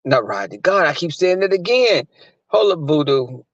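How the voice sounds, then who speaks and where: A man's voice: sits high, expressive, moderate pace, no room sound. A man hosting a livestream, talking crudely and rambling in casual chat, often laughing. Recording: dry muffled recording.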